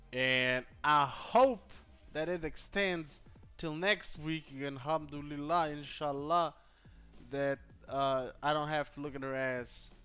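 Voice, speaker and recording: A man tells a story in a loose, profane vlog rant, full of slang and swearing. His voice sits a bit high and sounds bright and crisp, with faint music in the background. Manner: profane, animated, vents with slang. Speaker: vlogger.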